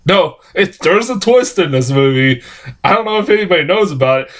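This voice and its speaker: An animated man rambles through a film review in a fairly high voice that swings widely in pitch. He swears freely and laughs at his own jokes, and his voice leaps up whenever he exclaims. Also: normal speed. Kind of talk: casual profane film review.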